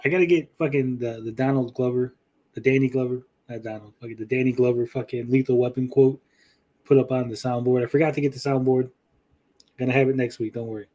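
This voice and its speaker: A podcast host and YouTuber with a mid-range voice chats casually, swearing freely. His loudness swings lively, and he talks with pauses.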